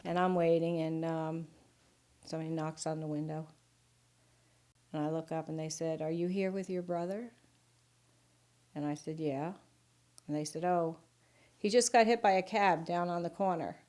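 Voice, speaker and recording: An older woman speaks in a documentary interview, with a fairly low voice. She tells family stories in a lively, anecdotal way. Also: moderate pace, pauses often.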